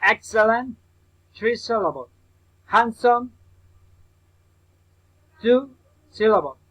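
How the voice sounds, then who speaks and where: In a recorded English pronunciation lesson, a man with a high voice drills example words slowly and over and over, speaking to the listener as his student. The audio sounds dull.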